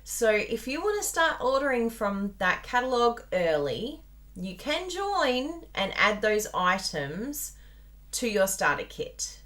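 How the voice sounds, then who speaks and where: Speaking slowly in a fairly high, sing-song voice with a bit of brightness, an Australian woman leads a live card-making tutorial. She's bubbly and chatty, talks straight to viewers, and uses a plugged-in microphone at a desk.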